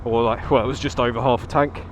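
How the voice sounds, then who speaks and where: A man's voice: medium pitch, fairly even intonation, fast talker, muffled recording, a little hiss or hum. A man chatting casually into his helmet mic while riding a motorbike on country roads, laughing often and swearing now and then. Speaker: motovlogger.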